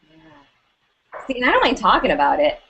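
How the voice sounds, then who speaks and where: Upbeat, slightly high-voiced woman host. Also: huge pitch swings, gravelly, a bit bright, muffled recording, a little hiss or hum. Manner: upbeat, quick affirmations and easy laughter. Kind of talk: casual interview on a web show.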